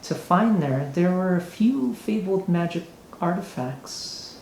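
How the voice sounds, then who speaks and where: A man's voice: sits high, lively intonation, slow pace, vocal fry, darkish tone, a little hiss or hum, voice pushed up, exaggerated voice. A man voicing a flamboyant, giddy male nobleman mayor in a tabletop game, speaking in an ingratiating way, recorded in an echoey room.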